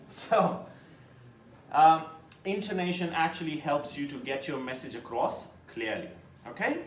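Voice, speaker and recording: A man teaching a test-prep class, lecturing with lively emphasis and putting questions to his students. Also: a little high, a little slow, reverberant, slight background noise.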